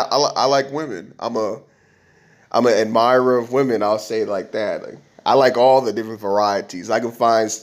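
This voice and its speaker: A man hosting a podcast, talking alone in a loose, rambling way with frequent restarts. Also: mid-range voice. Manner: rambling, conversational, with many restarts and fillers. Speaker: podcast host. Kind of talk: casual monologue.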